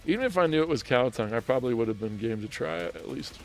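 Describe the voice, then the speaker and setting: A man's voice: mid-range voice, lively intonation, very fast. A man hosting a gaming livestream, telling a story in a chatty way with frequent laughter and restarts, with faint music behind him. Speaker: streamer host.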